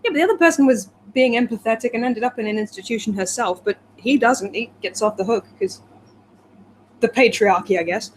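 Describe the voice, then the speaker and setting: A woman's voice: on the high side, fairly quick, a little hiss or hum, poor audio. Giggly woman reading a timeline. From England. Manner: giggly, chatty, reads with playful asides. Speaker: co-host. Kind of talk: reading a timeline aloud with casual banter.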